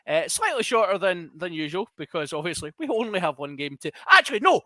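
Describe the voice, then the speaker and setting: A man hosting a casual sports podcast, often halting and repeating words as he looks for the next one. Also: sits high, very animated, pushed and bright, dry recording. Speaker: podcast host.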